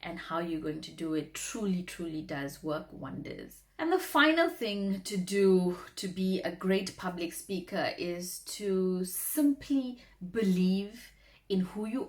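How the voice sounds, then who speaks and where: A woman's voice: medium pitch, darkish tone. A woman, a former radio talk show host, giving earnest, encouraging advice in a motivational vlog, often repeating words for emphasis.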